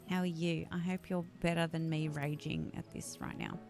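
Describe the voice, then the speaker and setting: A woman's voice: lowish voice, sing-song, a little slow, faint music behind. A woman with a sore voice, chatting casually with her live-stream audience while gaming, swearing freely and grumbling.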